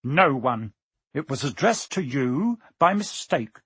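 A man plays a stern, blustering middle-aged uncle in a storybook reading. He barks short, clipped orders in a slightly husky voice, with dry sound close to the mic. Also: medium pitch, very animated, slow pace, fairly bright tone, dry recording, heavily acted. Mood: curt. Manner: short, snapping commands.

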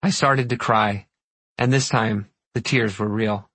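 A man narrating an audiobook in first person, measured and reflective. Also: mid-range voice, fairly even intonation, fairly bright tone, dry recording.

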